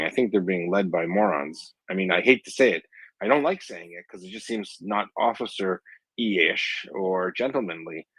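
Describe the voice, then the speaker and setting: A man's voice: sits low, fairly bright tone, husky, no echo, low-quality recording. A man talking bluntly and scornfully in a casual live audio chat, with dry jokes. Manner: dry joking. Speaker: guest commentator.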